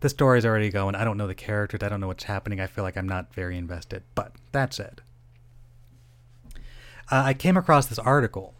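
A man's voice: fairly low pitch, fairly quick. A middle-aged man hosting a solo podcast, rambling, interrupting himself and swearing casually. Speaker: podcast host.

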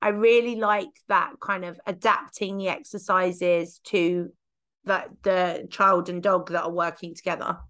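A woman with a croaky voice, hoarse from laryngitis, hosts a relaxed podcast chat. She talks in a bubbly, chatty way and pokes fun at herself. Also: lowish voice, a little slow. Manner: bubbly, chatty, self-mocking. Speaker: podcast host.

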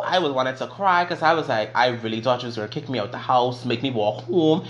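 A young man casually telling a personal story on his vlog, profane and animated. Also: mid-range voice, fairly quick, hardly any pauses. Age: young adult. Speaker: vlogger.

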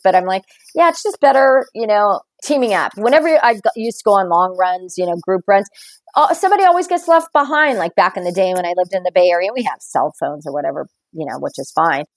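A woman in casual conversation, an animated storyteller who laughs often. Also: mid-range voice, fast, no room sound, low-quality recording.

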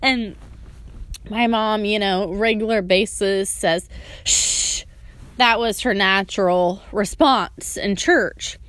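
A woman's voice: mid-range voice, slow pace, fairly bright tone, no echo. A woman sharing a heartfelt personal testimony, earnest and storytelling, now and then acting out remembered words.

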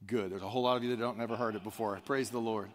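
A man's voice: on the low side, fairly even intonation, rapid-fire. A man preaching a sermon, telling a story in a conversational way and calling out to the congregation. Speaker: pastor. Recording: long hall reverb.

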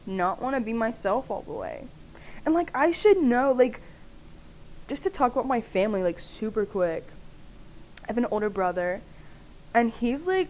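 A woman's voice: a little high, darkish tone, a little hiss or hum, poor audio. A young woman hosting her own podcast, talking candidly in a loose, chatty way, full of "like" fillers and laughter. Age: young adult. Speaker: podcast host. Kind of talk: casual solo podcast monologue.

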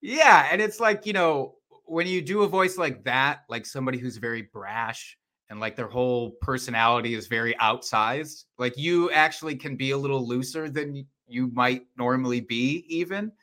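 Bright-voiced laughing man, chatty. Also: normal speed. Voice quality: high, slightly odd voice. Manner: laughs often, self-deprecating, chatty. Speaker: podcast guest, impressionist. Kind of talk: casual chat.

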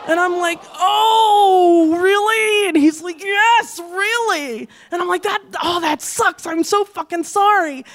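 High-voiced woman telling a wild story. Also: moderate pace, hardly any pauses. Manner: animated, acts out quotes with shouted outbursts; profane, laughs through the telling. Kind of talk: comic personal storytelling.

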